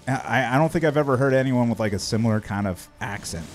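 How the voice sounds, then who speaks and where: A man with a Midwestern American accent hosting a casual livestream chat, relaxed and curious, with plenty of fillers. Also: medium pitch, fast talker, soft background music. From United States. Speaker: streamer.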